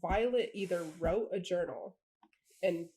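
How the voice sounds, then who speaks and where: A woman's voice: fairly low pitch, measured pace, warm tone, poor audio. A woman co-hosting a casual book discussion, chatting and spinning theories with lots of "like" fillers. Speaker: book podcast co-host.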